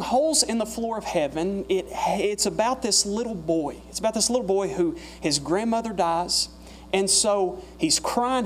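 A man preaching a sermon in a church, repeating his phrases and climbing higher and louder as he presses his points. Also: slight background noise. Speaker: guest preacher.

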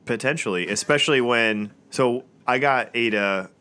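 A man in his thirties co-hosting a casual podcast, upbeat and joking with quick asides. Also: medium pitch, sharp tone, clean tone. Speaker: podcast co-host. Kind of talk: casual chat.

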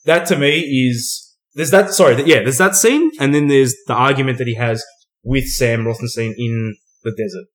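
A man's voice: medium pitch, normal speed, a bit bright. A man in casual film chat who swears freely and leads the questions. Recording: roomy echo.

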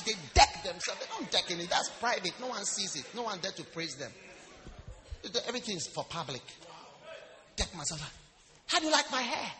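A man preaching a humorous, animated sermon, swinging between quiet asides and shouts while teasing the congregation. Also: high voice, background noise. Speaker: pastor. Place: church service. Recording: live church with music and a loud congregation.

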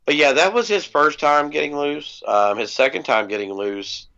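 A man's voice: fairly high pitch, moderate pace, pushed and bright. A man casually telling a long personal story on a podcast, laid-back, with plenty of ums and freely dropped swear words. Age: adult parent. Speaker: podcast co-host. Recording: dull lo-fi podcast audio.

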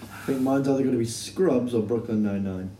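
A man chips into a casual podcast chat with dry, wry remarks in a mellow voice. He sits far from the mic, so he sounds roomy, with faint clicks and hiss around him. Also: mid-range voice, fairly quick.

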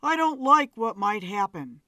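A woman reading a story aloud voices Kerr, a grave, uneasy older man who breaks bad news reluctantly, dropping her voice somewhat lower. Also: big pitch swings, measured pace, pushed and bright, no echo, full character voice.

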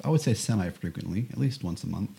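A man's voice: low voice, expressive, fast talker, gravelly, dark tone, husky. A man from the United States, an English teacher, answering interview questions in an easygoing way with short, agreeing replies. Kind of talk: casual interview chat.

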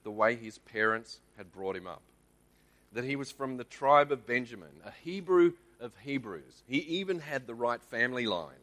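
A man's voice: mid-range voice, lively intonation, moderate pace, a bit bright. An Australian man giving a conversational Bible teaching in church, often checking in with the congregation. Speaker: lay preacher.

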